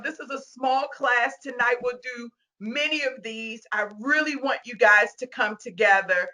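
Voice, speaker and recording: A high-voiced woman hosts a casual video call, her tone bright and ringing. She gushes with excitement, laughs often and sounds close to tears. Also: a little slow, few pauses. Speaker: host of a virtual meet-and-greet.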